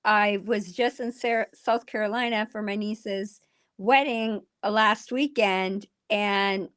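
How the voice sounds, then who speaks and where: A middle-aged woman with a Minnesotan accent, chatting casually as a voice actor on a video call, chatty and quick to laugh. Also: mid-range voice, steady tone, fairly bright tone, smooth. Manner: chatty, laughs often, puts on voices when quoting. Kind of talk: casual chat.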